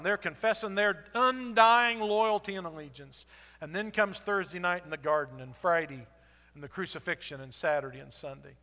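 Male pastor chatty sermon, high voice, echoes around a big room. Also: normal speed, sharp tone. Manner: storytelling, conversational, acts out quotes.

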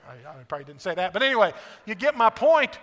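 A fervent male pastor with a strikingly high, bright voice preaches in a church sanctuary. He swings from quiet, intimate stretches to ringing, near-shouted exhortations. A long reverb trails each phrase through the hall. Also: very animated, fast talker. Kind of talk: sermon.

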